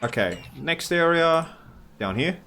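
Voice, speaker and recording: A man's voice: fairly high pitch, expressive, takes it slowly, gravelly, pushed and bright, a little hiss or hum. Chatty man thinking aloud over gameplay. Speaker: gaming channel host. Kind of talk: casual gameplay commentary.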